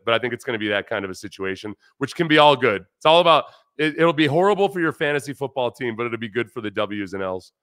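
Animated man talking sports, bright and dry. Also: mid-range voice, smooth, dry recording. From United States. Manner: animated, rambling, restarts often, reads chat aloud. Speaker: former NFL player turned sports commentator, livestream host. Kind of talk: casual sports talk livestream.

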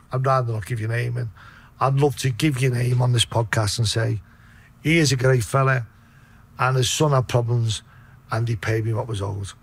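A man's voice: medium pitch, gravelly, breathy edge. A man from Liverpool with a Liverpool accent, telling a story as a podcast guest, blunt and full of swearing. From Liverpool, England. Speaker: podcast guest, debt collector.

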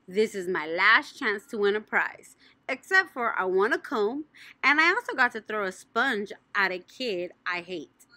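A woman voicing a bossy, excitable little girl in an audiobook, with loud, squealing, childlike exclamations. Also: mid-range voice, unhurried, no echo. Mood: pushy. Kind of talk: audiobook reading.

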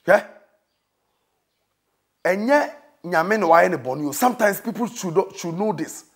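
Ghanaian man preaching a comic sermon, high and husky, wide swings in pitch, scolding with sudden shouts. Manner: scolding, dramatic, bursts into shouting.

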